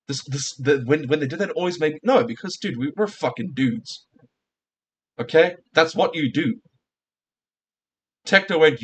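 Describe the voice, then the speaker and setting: A man's voice: medium pitch, lively intonation, moderate pace, fairly bright tone, slight background noise. A male streamer in a casual reaction rant, heated and profane, firing off rhetorical questions at his viewers.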